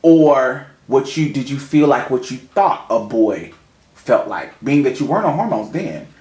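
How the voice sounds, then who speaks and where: A man's voice: medium pitch, expressive, unhurried, a little mellow, reverberant. A man interviewing a guest, asking long, winding, probing questions.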